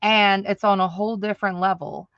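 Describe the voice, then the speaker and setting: A woman's voice: mid-range voice, steady tone, fairly quick, no room sound, dull audio. A woman hosting a live stream who chats straight to her viewers, laughing often. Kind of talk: casual livestream chat. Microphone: audio-only livestream.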